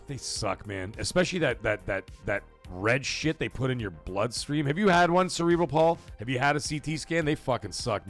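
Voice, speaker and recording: A gravelly-voiced man chats on his live stream, and his pitch swings widely as he tells stories. He rambles and swears freely, talking straight to viewers. Faint music plays behind him. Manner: profane, rambling, animated storyteller. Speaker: livestream host. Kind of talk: casual live-stream chat reading viewer comments.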